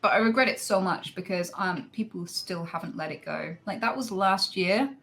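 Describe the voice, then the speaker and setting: A woman's voice: mid-range voice, moderate pace, a bit bright, faint music behind, low-quality recording. A woman telling a story in casual group chat, candid and swearing freely. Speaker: streamer guest.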